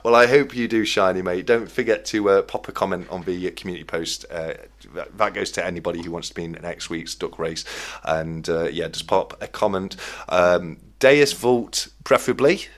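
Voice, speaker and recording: A man hosting a live stream chat, calling a race with rising excitement and lots of fillers. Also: sits low. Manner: excitable, rising fast commentary with frequent fillers. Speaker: host.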